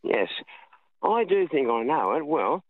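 A man's voice: fairly high pitch, very animated, a little slow, no echo. A man with an Australian accent calling in to a radio show, telling a rambling story and calling the host darling. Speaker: radio caller. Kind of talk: phone-in storytelling. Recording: phone line.

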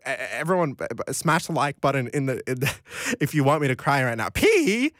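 A young Australian man hosts a late-night radio show from a radio studio, his mid-range, fairly bright voice swinging widely in pitch at a brisk pace. Captured on a studio microphone with no room sound, he reads listener texts, rambling and giggling as he drifts off on tangents.

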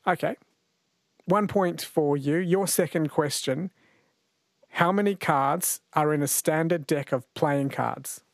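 A man hosting a late-night radio quiz, chatty and quick to laugh, slowing down to read each question. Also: fairly high pitch, gravelly, no room sound, clean studio sound. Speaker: radio host. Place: radio studio. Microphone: studio microphone.

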